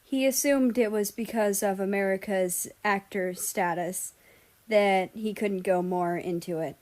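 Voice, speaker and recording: A woman reads a fan fiction story aloud as an audiobook. Her narration is steady and even, carrying the listener through the scene. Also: medium pitch, measured pace. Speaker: story reader.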